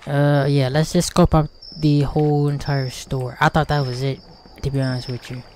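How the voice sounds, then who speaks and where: A man's voice: on the high side, level tone, normal speed, darkish tone, slight background noise. A man hosting a gaming channel, giving casual, slangy let's play commentary.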